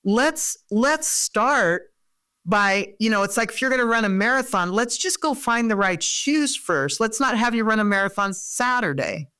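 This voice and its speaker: A woman's voice: a little high, lively intonation, normal speed, sharp tone, clear, resonant tone. A middle-aged woman therapist, a podcast guest, talking earnestly and explaining with everyday examples. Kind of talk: conversational interview.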